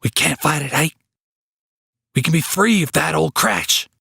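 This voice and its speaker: A man voicing a frantic young rural farmhand, pleading and rushing his words in broken backwoods speech. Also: a little high, gravelly, pushed and bright, husky, no echo, studio quality, voice pushed up, heavily acted. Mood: urgent.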